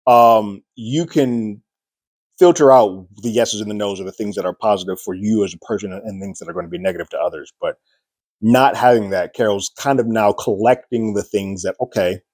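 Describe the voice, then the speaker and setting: A man's voice: fairly low pitch, moderate pace, darkish tone, no room sound. A man giving a casual spoiler review of a TV episode, retelling scenes and acting out characters' lines with raised voices.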